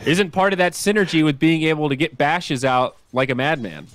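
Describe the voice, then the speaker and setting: A man casting a live esports match with quick, excitable calls of the action, set a little high. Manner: excitable, rapid call of the action. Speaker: esports caster. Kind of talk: live play-by-play commentary.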